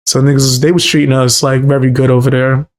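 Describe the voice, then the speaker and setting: A man's voice: mid-range voice, level tone, fast talker. A man from the Bronx with a New York accent, telling loose, profane stories in casual chat on a live stream. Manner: loose, profane storytelling with street slang.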